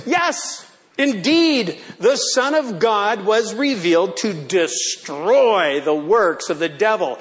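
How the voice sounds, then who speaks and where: A man's voice: sits high, lively intonation, slow. A male pastor delivering a sermon in a church, playful and theatrical, often laughing.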